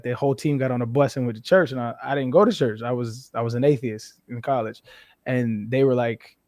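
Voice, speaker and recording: A man in his thirties from the western United States, a former football player speaking as a guest, telling candid, animated stories laced with profanity. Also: medium pitch, no room sound, studio quality. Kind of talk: casual conversational interview.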